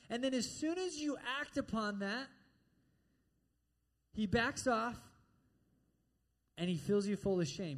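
A high-voiced man preaching a sermon in a church. He talks to the congregation in a direct, conversational way and keeps checking in with quick asides like "all right?". His pitch sits well above most men's. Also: expressive.

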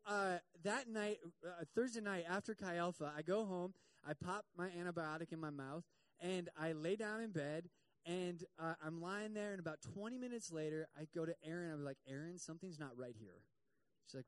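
A man's voice: sits high, normal speed, no room sound. A man, a campus ministry pastor, telling a self-mocking story in a sermon and acting out the quotes.

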